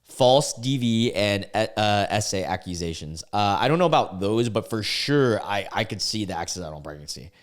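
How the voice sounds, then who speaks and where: Low-voiced young man stumbling through commentary. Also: animated. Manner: halting, stumbles and restarts words. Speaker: YouTube reaction host. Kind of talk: casual commentary reading online posts.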